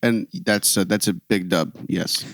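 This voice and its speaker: A young man co-hosting a podcast in casual chat, animated and quick to laugh. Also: low voice, no room sound. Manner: animated, laughing, rambling with restarts. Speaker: podcast co-host.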